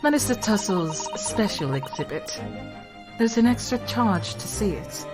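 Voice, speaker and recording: A woman's voice: mid-range voice, animated, a little slow, voice pushed up, lightly acted. A woman voicing an evasive female waxworks proprietor in a fan game reading, speaking in a guarded, prim way. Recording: game music clearly behind.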